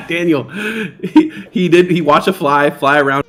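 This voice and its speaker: A man hosting a casual trading livestream, talking straight to his viewers and reading their chat comments aloud. He is playful and jokey, his voice sits a little high and swings around a lot, and faint music plays underneath. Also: animated, measured pace, fairly bright tone. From New York. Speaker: livestream stock trading host.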